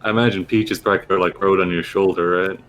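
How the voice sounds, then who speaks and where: Deep-voiced man running a tabletop game. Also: fairly even intonation, quick pace, a bit bright. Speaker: game master.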